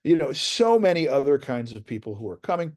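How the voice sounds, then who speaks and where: A man's voice: mid-range voice, a little fast. A man giving an academic lecture in a conversational, storytelling way, full of fillers and asides asking "right?". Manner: animated storytelling with many fillers and "right?" tags. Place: lecture hall.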